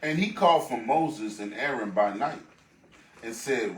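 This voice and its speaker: A man in a class reading scripture verses aloud at a steady pace, stumbling on a word now and then. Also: medium pitch, a little slow, slight background noise. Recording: echoey room, picked up from a distance.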